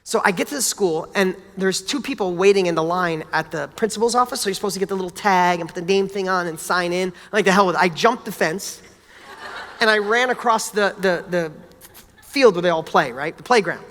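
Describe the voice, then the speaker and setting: Animated man telling stories in a reverberant hall. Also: high-pitched, brisk. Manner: animated, casual, blunt, with mild swearing. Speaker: motivational speaker. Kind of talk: motivational talk with personal stories.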